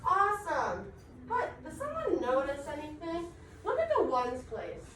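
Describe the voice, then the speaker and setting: A woman's voice: sits high, wildly swooping pitch, a little slow, a bit bright, recorded from a distance. A young woman teaching a class, upbeat and encouraging as she explains step by step. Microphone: far camera. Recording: echoey classroom recorded from afar, background noise.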